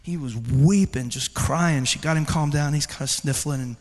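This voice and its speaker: A man preaching a chapel sermon, telling a story with animated delivery and crying out a child's words. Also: fairly high pitch, normal speed. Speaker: pastor. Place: large chapel hall. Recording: echoey hall with long reverb.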